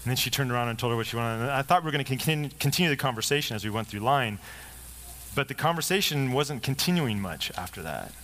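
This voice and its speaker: A middle-aged man, a pastor, preaching a sermon built on a personal story, in a conversational manner with lively quoted dialogue. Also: mid-range voice, quick pace, a little hiss or hum.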